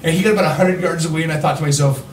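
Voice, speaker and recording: A high-voiced man spins profane, laughter-filled anecdotes in casual podcast chat. He sits back from the mic in a roomy space, and a faint hiss runs underneath. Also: fairly even intonation, very fast, distant mic. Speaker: podcast host.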